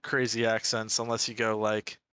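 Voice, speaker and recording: A man's voice: lowish voice, completely flat delivery, moderate pace, pushed and bright, clear, resonant tone, no echo. A man from the Washington, D.C. area with a local American accent, chatting casually and rambling while he sculpts. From Washington, D.C. area, USA. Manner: rambling, laughs easily.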